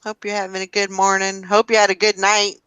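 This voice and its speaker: A woman's voice: mid-range voice, monotone, fairly quick, a bit bright, clean tone, no room sound. A woman hosting a casual morning chat show, talking in a rambling, self-deprecating way. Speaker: host.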